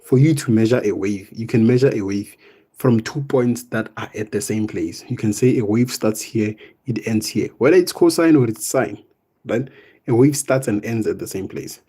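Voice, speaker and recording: A young man teaching math in a live online exam revision lesson, casual and step by step, often tagging on "right?" and "boom". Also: normal speed, dark tone, husky. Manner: explains step by step, coaxing students.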